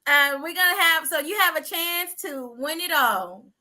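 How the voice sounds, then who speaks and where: A woman's voice: very high-pitched, expressive, normal speed, bright, forceful tone. A woman hosting a live online improv show with a mock Southern accent, playfully calling turns. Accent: put-on Southern US. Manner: playful emcee, calls the turns. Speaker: improv host.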